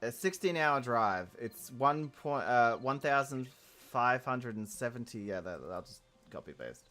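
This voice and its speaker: A young man with an Australian accent rambles through a casual game stream, answering his chat with easy giggles. His voice sits at an ordinary middle pitch. Soft game music plays faintly under his talk. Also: lively intonation, a little slow. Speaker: gaming streamer.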